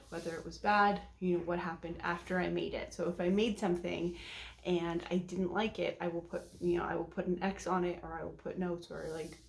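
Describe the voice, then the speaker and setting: A woman's voice: fairly low pitch, vocal fry. A woman, a parent, chatting casually and nervously as she cooks, with many ums and likes. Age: adult parent. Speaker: cooking vlogger. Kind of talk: casual cooking vlog chat.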